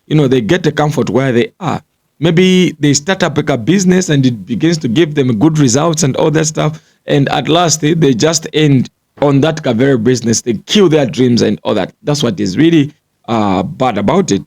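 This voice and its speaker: A man's voice: medium pitch, expressive, normal speed, creaky, a little mellow. A man giving a motivational business talk to the camera. He lectures, repeats his points and keeps checking in with the listener. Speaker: business coach.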